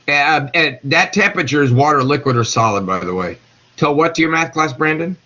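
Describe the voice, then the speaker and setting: Chemistry teacher, middle-aged man, folksy and jokey, lively sing-song delivery, husky voice on a dull classroom recording. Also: a little high, fairly quick. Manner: folksy, jokey, talks to students by name. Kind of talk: classroom lecture.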